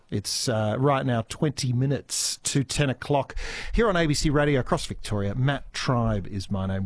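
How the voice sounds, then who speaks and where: A man's voice: medium pitch, husky. A man with an Australian accent hosting live talk radio, chatty with lots of fillers and restarts. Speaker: radio host. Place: radio studio. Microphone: studio mic.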